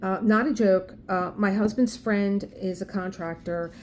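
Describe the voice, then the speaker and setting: A woman with a South Philly accent talks casually on her craft vlog and tells a neighbor story in an indignant, emphatic voice. Her pitch sits in a middle range, and she often restarts her words as she pushes her point. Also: fairly even intonation, measured pace, a little hiss or hum. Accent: Philadelphia. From South Philadelphia. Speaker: craft vlogger. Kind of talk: casual chat, telling a story.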